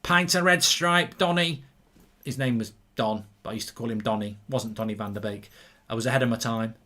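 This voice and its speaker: A man's voice: on the low side, steady tone, quick pace. Rambling man hosting a live watchalong. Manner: rambling, reads viewer comments aloud. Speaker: host. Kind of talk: live match watchalong chat.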